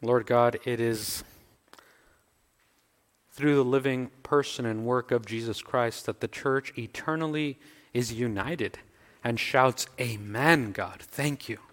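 Slow-preaching pastor in a reverberant church. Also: male voice, mid-range voice, a bit bright. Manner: slow, building emphatic repetitions. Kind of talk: sermon and closing prayer. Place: church sanctuary. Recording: long reverb, faint music.

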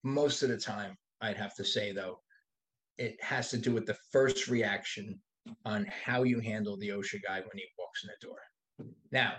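This podcast guest, a man in his sixties who runs a body shop, keeps the conversation casual, blunt and full of cursing. His pitch is fairly low, his speed normal, and his tone fairly bright.

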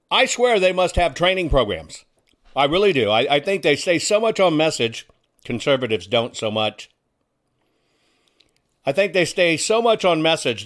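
A man's voice: on the high side, a bit bright. A man hosting a casual talk show, talking in a folksy, combative way and throwing rhetorical questions at his listeners. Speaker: host.

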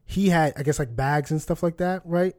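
A man's voice: on the high side, normal speed. A young man casually telling a story, acting out what people said. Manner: animated storytelling with quoted dialogue. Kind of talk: casual chat.

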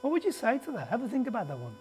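This preacher's medium-pitched voice swoops wildly and races along very fast, sounding a little mellow and slightly rough. Teaching a Bible class in front of a group in a meeting room, he restarts, adds asides, keeps emphatically questioning the audience, and coughs slightly.

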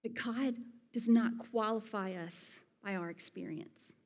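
A woman's voice: medium pitch, measured pace, a little mellow. Southern woman preaching in a reverberant hall. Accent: Southern US (Alabama). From Alabama, USA. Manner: earnest, conversational, folksy asides. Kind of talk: sermon.

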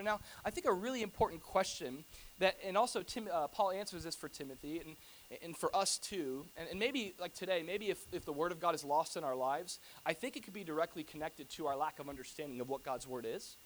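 Animated, bright-voiced male pastor preaching. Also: a little high, fairly quick, a little hiss or hum. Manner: conversational, animated preaching with asides and humor. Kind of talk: sermon. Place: church.

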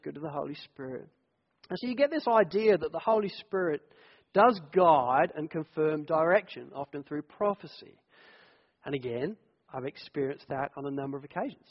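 A middle-aged pastor with a high-pitched voice preaches a sermon, slipping easily into lively personal stories. His voice rings out through a long hall echo. The recording sounds dull and lo-fi. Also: a little fast. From United Kingdom. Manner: conversational, animated storyteller.

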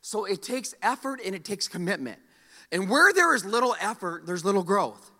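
A pastor preaching a sermon, animated and calling on the congregation to repeat words back. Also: male voice, high voice, moderate pace, in a large hall. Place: church sanctuary.

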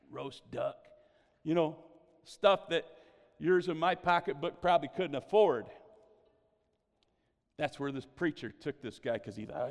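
A man preaching a sermon, telling stories with animated exclamations of praise. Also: a little high, in a large hall.

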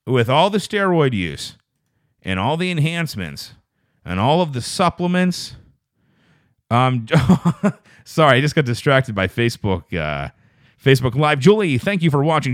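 A man's voice: no room sound, clean studio sound. A man hosting a solo podcast, chatting with live viewers in an exaggerated radio-announcer voice and rambling through stammered restarts. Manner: exaggerated radio-announcer delivery, lots of pitch swoops. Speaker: podcast host.

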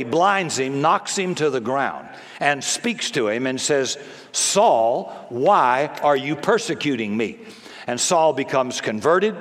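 A man's voice: medium pitch, fairly bright tone. A male pastor delivering a sermon, telling stories with humor and emphasis. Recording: long reverb of a large hall.

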